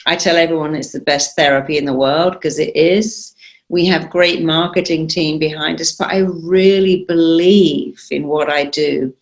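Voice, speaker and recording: Middle-aged woman, kinda low voice w some fry, talks confident and emphatic in an interview. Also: normal speed. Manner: emphatic, confident, animated retelling. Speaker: therapist and guest. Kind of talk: conversational interview storytelling.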